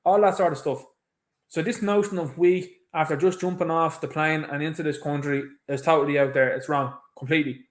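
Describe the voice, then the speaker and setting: A man's voice: a little high, steady tone, a little fast. An Irish man hosting his own show, giving an emphatic, indignant opinion commentary on a clip. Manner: emphatic, indignant, mimics others mockingly. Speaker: show host.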